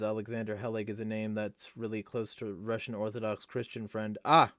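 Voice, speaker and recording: A man's voice: on the low side, fairly even intonation, a little fast, hardly any pauses, no echo, studio quality. A man hosting a casual livestream, reading chat comments aloud and ranting bluntly with lots of profanity. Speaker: livestream host.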